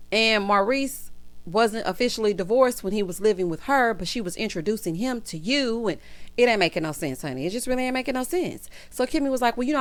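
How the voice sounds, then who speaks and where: A woman giving sassy, gossipy casual commentary as she recaps a reality show, laughing loudly. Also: mid-range voice.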